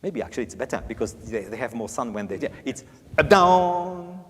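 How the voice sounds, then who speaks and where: A man with a medium-pitched voice speaks at a moderate pace, with a slight hiss or hum on the recording. He's coaching a piano master class in an animated, playful way, singing out phrases and cracking jokes. The hall is reverberant, and a piano can be faintly heard.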